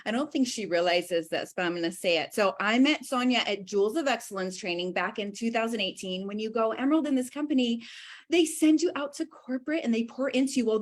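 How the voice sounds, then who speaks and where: Gushing, excitable woman host. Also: on the high side. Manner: gushing, excitable, addresses viewers as you guys. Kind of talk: livestream hosting.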